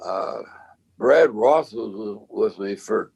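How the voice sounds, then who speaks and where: A very old man reminisces about his band in a relaxed interview. His low voice is gravelly and husky. He rambles, stops and restarts his sentences as he tells his stories. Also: muffled recording. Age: 90s. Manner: rambling, halting storyteller with many restarts. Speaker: bandleader and cornet player.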